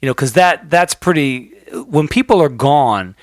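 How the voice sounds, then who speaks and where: A man's voice: fairly high pitch, lively intonation, measured pace, dry recording, studio quality. A man hosting a podcast, asking questions in a rambling, effusive casual chat. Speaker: podcast host.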